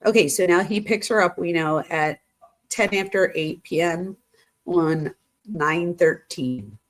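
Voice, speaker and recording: A woman speaks a little slowly in a lowish voice while running a true crime live stream. She reads texts out loud, reacts chattily, addresses her audience as "you guys," and lets out gasps and exclamations.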